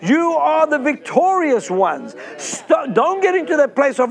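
A man preaching an excited sermon, breaking into whoops. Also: very high-pitched, unhurried, gravelly, hardly any pauses. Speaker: pastor.

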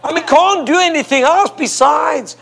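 Before a church congregation, a man preaches at a moderate pace in a very high, fairly bright voice. He leads call and response and repeats phrases emphatically for effect.

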